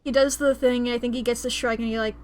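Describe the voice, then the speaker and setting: A woman's voice: fairly high pitch, level tone, quick pace, darkish tone. Playful, chatty woman streamer. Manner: playful, chatty, swears casually. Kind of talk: casual gameplay commentary.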